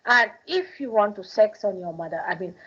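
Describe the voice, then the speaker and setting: On a dull, lo-fi archival tape from 1981, a spiritual teacher from India speaks in a hall with an Indian accent, driving her points home by repeating phrases. Her mid-range voice is expressive, sharp and husky, moving at a moderate pace.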